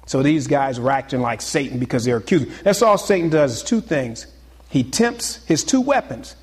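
A pastor preaching a sermon to his congregation, swinging between loud exclamations and hushed, confiding asides. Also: mid-range voice, animated, moderate pace, slightly rough, long reverb tail.

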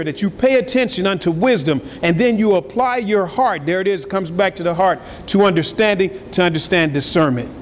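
A man preaching a sermon as pastor, energetic and swinging between loud and soft. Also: high voice, a little hiss or hum. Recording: hall reverb with faint ambience.

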